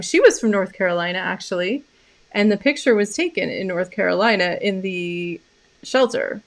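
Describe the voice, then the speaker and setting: Gravelly-voiced woman chatting on a live stream. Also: medium pitch, a little fast. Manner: soft, rambling, many fillers and restarts. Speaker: animal communicator host. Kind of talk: casual live-stream talk.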